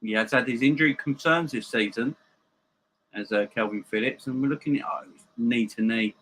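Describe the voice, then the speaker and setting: Male streamer, sharp bright tone, joking live chat with viewers from home. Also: medium pitch, normal speed, slight background noise, low-quality recording. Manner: chatty, joking banter with viewers. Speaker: host of a live football watchalong.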